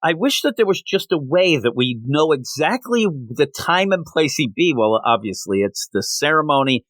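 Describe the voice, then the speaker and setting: A man hosts a casual comic book review podcast, walking through the story in a loose, rambling way. He keeps breaking into quick character voices, and his pitch jumps around as he gets excited. The recording is dry and close, with no room sound. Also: dry recording. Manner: rambling, animated recap with playful quoted voices.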